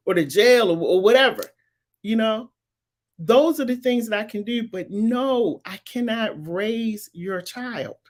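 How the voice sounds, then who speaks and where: A woman, hosting a live commentary show and making her points with emphatic, repetitive insistence. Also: a little high. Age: 50s. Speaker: talk show host. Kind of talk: live-streamed commentary answering viewers.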